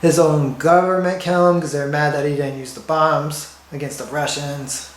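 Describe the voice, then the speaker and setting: Rambling deadpan man in an echoey room. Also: a little high, moderate pace, slight background noise. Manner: deadpan, rambling, self-interrupting. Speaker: comedian. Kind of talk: rambling comic monologue. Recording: roomy echo.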